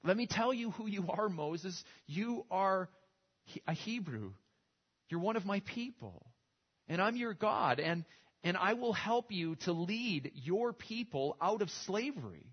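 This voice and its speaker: Commanding divine voice, husky and proclaiming, done by a male preacher. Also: high voice, sing-song, a little slow, pitched above the performer's own voice, exaggerated voice. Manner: rising, emphatic proclamations. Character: God speaking to Moses, commanding and reassuring. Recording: dull lo-fi recording.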